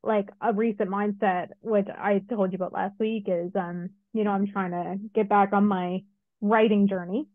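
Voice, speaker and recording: A middle-aged woman co-hosting a podcast, telling a personal story in a casual, lively way with many asides. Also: medium pitch, normal speed, dry recording. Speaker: podcast co-host. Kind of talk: casual chat. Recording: dry, phone-like narrow sound.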